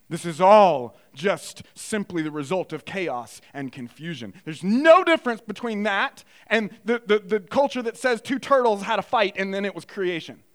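A young adult man preaching a sermon, moving between quiet reflective passages and loud, emphatic bursts. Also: sits high. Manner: animated preaching, swinging from hushed to loud. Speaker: pastor.

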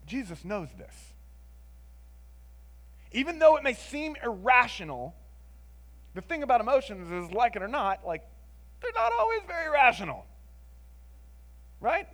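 A man preaching a sermon in an expressive, conversational way, moving between emphatic lines and hushed ones and often adding "like" and "right?". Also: extremely high pitch.

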